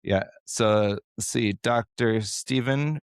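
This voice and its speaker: Low-voiced indignant man, dry close mic. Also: takes it slowly, clear, resonant tone, no room sound. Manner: earnest, indignant, reads aloud from articles. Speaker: podcast co-host. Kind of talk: casual podcast discussion.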